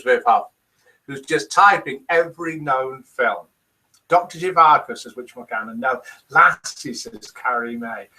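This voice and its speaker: Guy hosting a live chat stream, bright voice that bounces all over, reads out comments one after another. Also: on the high side. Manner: reads out viewers' comments and guesses aloud.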